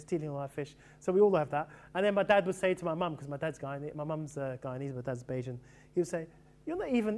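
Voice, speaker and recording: A middle-aged man who grew up in England, telling stories about his sporting heroes in a lively, casual way. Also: medium pitch, a little hiss or hum. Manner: animated, quick storytelling with fond asides. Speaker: author reflecting on cricket. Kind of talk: casual reminiscing talk.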